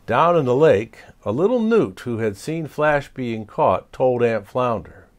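A man reading a children's storybook aloud as storyteller, expressive and chuckling. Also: medium pitch, unhurried.

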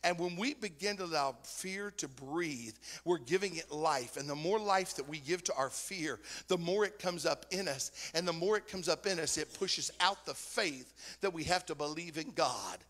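A man, preaching a sermon as a guest speaker, telling stories with animation and rising to shouts. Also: on the high side, moderate pace, few pauses, in a large hall. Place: church sanctuary.

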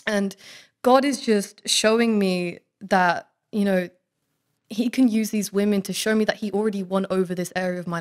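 Young adult woman, church member testimony; candid, earnest, chatty with fillers. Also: medium pitch. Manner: candid, earnest, heavy use of "like". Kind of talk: personal faith testimony. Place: student living in Oxford.

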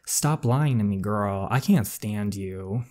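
A man's voice: on the low side, takes it slowly, darkish tone. A man voicing a harsh mother in a story game, scolding her daughter sternly. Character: harsh angry mother who doesn't believe her daughter. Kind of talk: reading a story game aloud.

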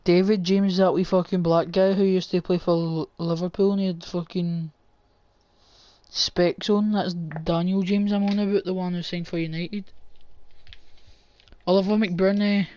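Male gamer, unhurried rambling commentary, swears freely, dry close sound. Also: high-pitched, little pitch movement, darkish tone, dry recording. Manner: rambling, sweary, chatting to live viewers. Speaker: gaming channel host. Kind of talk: casual gameplay commentary.

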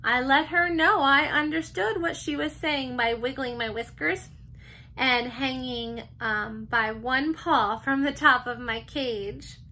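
A teacher reading a children's chapter book aloud, gentle and expressive. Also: female voice, sits high, slow, rough recording. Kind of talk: storybook read-aloud.

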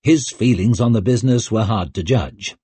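A man reading an audiobook in a measured, expressive way, close to the mic. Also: fairly low pitch, husky, dry recording. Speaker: audiobook narrator. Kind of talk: scripted narration.

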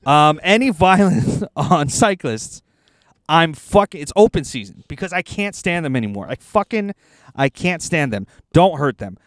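A man rants his way through a story in casual chat, cursing often. His voice sits a little higher than most men's. It is recorded close and dry inside a car. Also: expressive, moderate pace, a bit bright, dry recording. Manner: profane, ranting storyteller. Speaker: podcast co-host.

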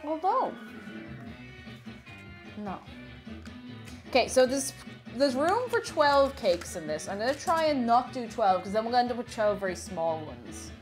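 A woman's voice: a little high, big pitch swings, unhurried, pauses often, soft background music. A young woman chatting cheerfully on a live stream while baking, greeting viewers and repeating her phrases.

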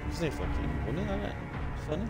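A man's voice: on the high side, wildly swooping pitch, quick pace, over loud music. Sweary Scottish man in gaming banter. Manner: heavy swearing, blunt banter. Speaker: streamer. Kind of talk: casual gaming chat.

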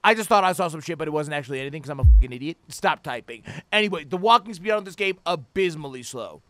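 A man hosting a let's play of a horror game, reacting loudly with a lot of swearing and sudden shouts. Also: fairly high pitch, animated, fast talker, no echo. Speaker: gaming channel host.

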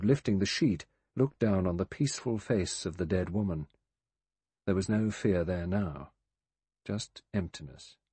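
A man narrates a mystery audiobook in a measured, grave way. His voice is husky and on the low side, recorded close and dry, with no room sound at all. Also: dark tone, dry recording. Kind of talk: scripted narration.

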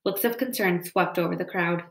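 A woman's voice: on the low side, moderate pace, gravelly. A woman reading a children's novel aloud in a storytelling manner. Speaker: reader. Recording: roomy echo.

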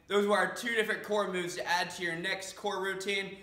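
A man with a high voice coaches core exercises, walking through each move as he performs it. He talks in a steady, instructive way, a little strained from the effort. The sound is roomy and echoing. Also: brisk, background noise. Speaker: fitness instructor. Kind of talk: exercise demonstration.

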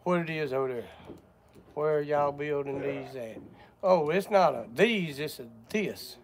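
Outdoors at a porch work site, an older Georgia man with a Southern accent hosts a live stream, greeting viewers in a folksy, chatty way. His voice is a little high and slow, and he coughs from sore lungs.

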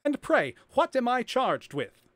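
A man voicing a disgraced middle-aged gentleman prisoner, pleading in a high, strained, despairing voice. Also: very animated, a little slow, no room sound, heavily acted.

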